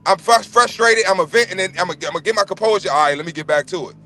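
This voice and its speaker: Man, blunt and profane, ranting hard on a livestream call; high, bright, hammering his points. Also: rapid-fire, slight background noise. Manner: profane, blunt, emphatic, repeats himself. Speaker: livestream panelist. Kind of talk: heated casual rant. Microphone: remote livestream call.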